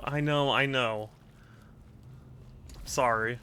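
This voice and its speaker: A man's voice: mid-range voice, measured pace, pushed and bright, slight background noise. A man streaming a video game, chatting casually with his viewers, laughing often and restarting sentences as he goes. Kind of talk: casual live-stream chat while gaming.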